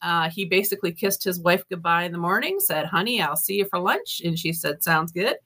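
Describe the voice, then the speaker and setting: A woman guest author talks through local ghost stories in a relaxed, chatty way. Her voice sits a little low for a woman but comes across bright and forceful. She slips into other people's lines as she tells each story. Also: fairly quick. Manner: lively storyteller, acts out quoted dialogue, laughs often. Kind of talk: casual ghost storytelling in an interview.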